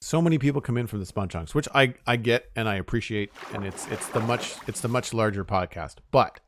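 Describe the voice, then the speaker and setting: A middle-aged man live-streaming a building game, thinking aloud in a relaxed way and thanking viewers by name. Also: on the low side, fairly quick, slight background noise. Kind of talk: casual live-stream chat.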